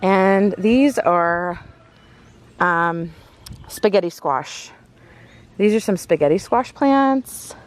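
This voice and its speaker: Woman, casual garden-tour vlogger, rambling and breathy, mid-pitched voice. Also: lively intonation, takes it slowly, long pauses. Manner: chatty, rambling, many ums and self-corrections. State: out of breath from walking fast. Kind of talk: casual walking tour chat. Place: outdoors in a garden.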